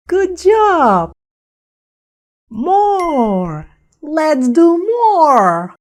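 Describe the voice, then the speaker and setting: A young woman teaching toddlers first words, speaking slowly with exaggerated, sing-song words. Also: sits high, big pitch swings, a little mellow, raised voice, slight background noise. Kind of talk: toddler speech lesson.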